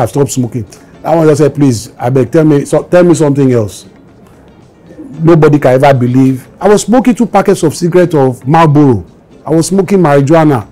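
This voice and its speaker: A Nigerian musician in his fifties, who was 22 in 1984, tells stories in an interview and acts out the voices of those he quotes. His voice is a little high, with a warm tone.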